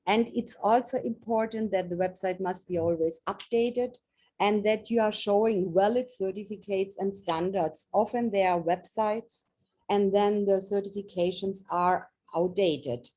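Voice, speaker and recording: A woman from Germany, speaking English as a second language, gives a webinar talk on trade fair preparation. Her voice is mellow and a little dark, at an ordinary middle pitch. She explains earnestly and often circles back to restart a phrase. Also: measured pace. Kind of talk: webinar presentation.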